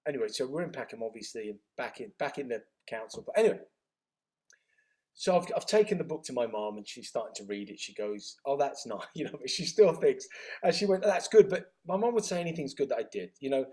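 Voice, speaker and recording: A middle-aged man tells his life story in an interview, acting out the dialogue with quick reported speech. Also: medium pitch, animated, warm tone. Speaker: interview guest. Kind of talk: storytelling in conversation.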